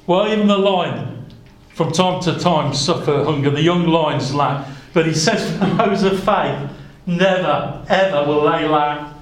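A man's voice: fairly high pitch, measured pace, reverberant, rough recording. A man preaching a sermon, earnest, quoting scripture in old-fashioned wording and addressing the congregation as brothers and sisters.

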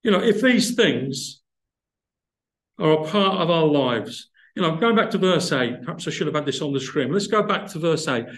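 A male preacher with a slightly high voice delivers a sermon in a reverberant church hall. He talks thoughtfully through word roots, then builds to emphatic, rising passages. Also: lively intonation, normal speed, a bit bright.

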